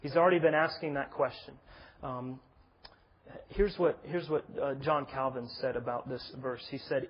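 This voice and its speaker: A man's voice: medium pitch, fairly even intonation, normal speed, husky, poor audio. A man preaching an expository sermon, earnest and building to emphatic stress. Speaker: pastor.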